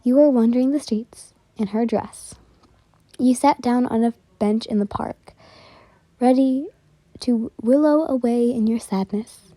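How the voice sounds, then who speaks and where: A young woman telling a whispered role-play story softly, giggly and easily flustered, close to the mic. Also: a little high, measured pace, no room sound.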